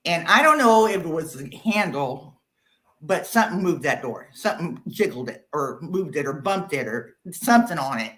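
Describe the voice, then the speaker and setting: A middle-aged woman guest telling a personal ghost story in casual chat, animated and quick to laugh. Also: rough recording. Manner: animated, laughs often, drops low for quoted voices. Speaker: guest caller.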